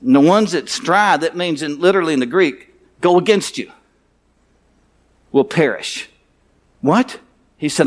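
A man's voice: a little high, measured pace, long pauses. A male pastor preaching a sermon and closing in prayer, fervent and emphatic, repeating phrases and asking rhetorical questions.

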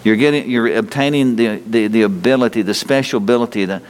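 A man's voice: mid-range voice, fast talker. Middle-aged male preacher, folksy, full of rhetorical questions, reverb from a large hall. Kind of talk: sermon.

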